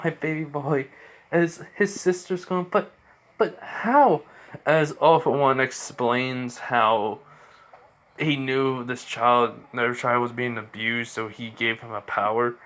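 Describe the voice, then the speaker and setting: A man's voice: medium pitch, bright, forceful tone. Male storyteller improvising fan fiction, rambling, full of fillers and self-corrections.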